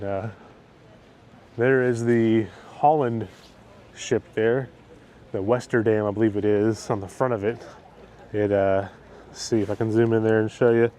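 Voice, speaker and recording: A man's voice: lowish voice, warm tone, a little hiss or hum. A man hosting a travel vlog, talking in a chatty, enthusiastic way while walking around outdoors on a town wharf. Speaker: travel vlogger. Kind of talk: casual vlog narration.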